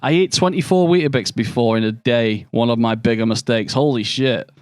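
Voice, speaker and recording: A man's voice: mid-range voice, brisk, dry recording, clean studio sound. Sweary young man streaming a game. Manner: sweary, joking banter. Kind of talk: casual gameplay commentary, chatting with viewers.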